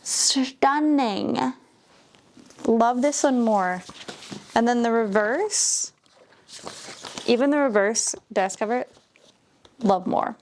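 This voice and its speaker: A woman chatting casually as she unboxes books, gushing, gasping and dropping into soft whispers. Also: a little high, takes it slowly, long pauses, a little hiss or hum. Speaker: book vlogger.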